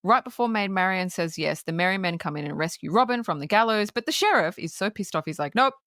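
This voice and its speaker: A woman co-hosting a movie podcast, recapping a comedy film plot in a casual, animated way and laughing often. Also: fairly low pitch, fast talker, no echo, studio quality. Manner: animated retelling, laughs often, quotes characters. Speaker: podcast co-host.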